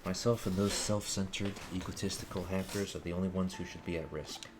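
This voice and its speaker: A man reading as a calm idealistic young hacker leader. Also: low-pitched, a little fast, noisy background, natural voice. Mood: solemn. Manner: formal, solemn speeches read aloud. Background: game music.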